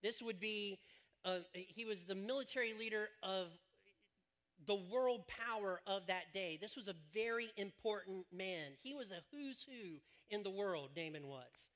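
A man's voice: high voice, a little slow, a bit bright. A man preaching a sermon from a church stage, telling stories in a joking, rambling way. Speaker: pastor.

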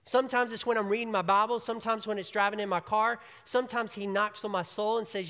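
A pastor delivers an emphatic sermon, building to loud peaks and dropping to hushed, quiet lines. The voice is bright and forceful. A long reverb from the church hall follows every phrase. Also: mid-range voice, fairly even intonation, fast, hardly any pauses. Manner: emphatic preaching, swinging between loud and hushed. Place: church sanctuary.

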